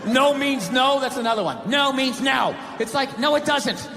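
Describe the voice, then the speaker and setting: A male stand-up comedian ranting loudly with mock outrage in a live set. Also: very high-pitched, moderate pace. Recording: live concert hall with crowd noise.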